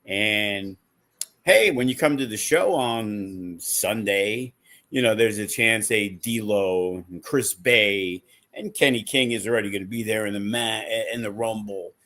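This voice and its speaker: A man's voice: fairly low pitch, unhurried, pushed and bright. A man who promotes wrestling shows, chatting casually in a blunt, profane, rambling way with lots of fillers. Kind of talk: casual podcast chat.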